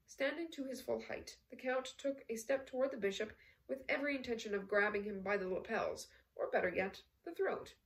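A woman reading a novel aloud in a steady storytelling way, with small slips. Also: a little high, fairly quick, distant mic, rough recording. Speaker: audiobook reader. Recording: voice set back from the mic.

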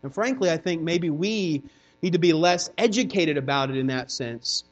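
A man with a notably high voice delivers a sermon in a loose, chatty style. He acts out quick quoted voices of his kids and of doubting churchgoers, then drops back to his own preaching tone. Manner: conversational preaching, acts out kids' and congregants' voices. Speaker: pastor.

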